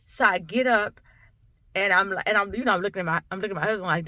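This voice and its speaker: A woman's voice: medium pitch, fast talker, pushed and bright, no echo. A woman, a coach, telling a personal story to camera in an emphatic, conversational way, often repeating herself. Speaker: coach and sickle cell awareness speaker.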